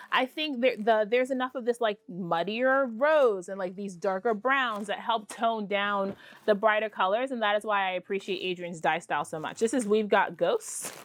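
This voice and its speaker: A woman hosting a casual crafting vlog, talking in a chatty, excitable way with self-deprecating asides. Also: a little high. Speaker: podcast host.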